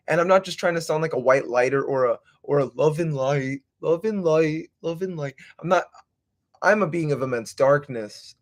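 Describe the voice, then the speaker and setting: A young man hosting a livestream, rambling casually with swearing and slang. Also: mid-range voice. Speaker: livestream host.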